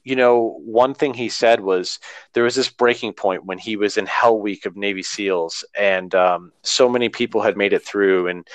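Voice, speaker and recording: A man's voice: fairly low pitch, no echo. A man in casual podcast conversation, an earnest and rambling storyteller talking through his running training. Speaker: runner talking about training.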